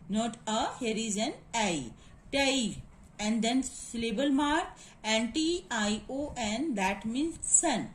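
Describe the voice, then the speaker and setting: A woman's voice: high-pitched, slight background noise. A woman giving a classroom lecture, repeating each word and spelling the sounds out letter by letter. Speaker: teacher. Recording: echoey room.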